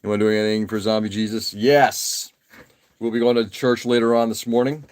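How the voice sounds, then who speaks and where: A man in his forties with a lowish voice and brisk delivery hosts a live stream while building a model kit. Relaxed and rambling, he chats casually with frequent uh fillers and self-deprecating asides.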